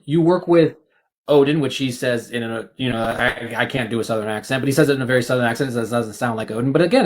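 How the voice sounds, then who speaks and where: A man joining a casual group discussion, talking bluntly with profanity and lots of stammered restarts. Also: medium pitch. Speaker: guest.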